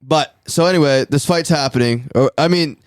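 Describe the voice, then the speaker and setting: A man's voice: fairly high pitch, normal speed, no echo, studio quality. A man hosting a casual podcast, telling a rambling, profane story and laughing often. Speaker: podcast host.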